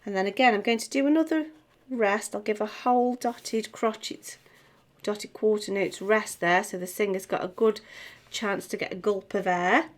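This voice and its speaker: A middle-aged woman teaching music theory, chatting as she writes and sounding out words slowly. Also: mid-range voice. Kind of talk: tutorial, talking while writing.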